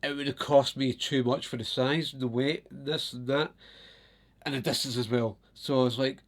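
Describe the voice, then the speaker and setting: Talking to the camera, a vlogger from Scotland spins loose stories with lots of animation. His voice sits mid-range at a moderate speed, he keeps bursting into laughter, and the swearing comes without hesitation.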